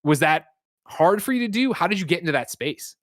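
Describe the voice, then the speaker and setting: Excitable male livestream host, dry sound. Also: high voice, dry recording. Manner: excitable, fast banter with restarts. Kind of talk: energetic livestream hosting.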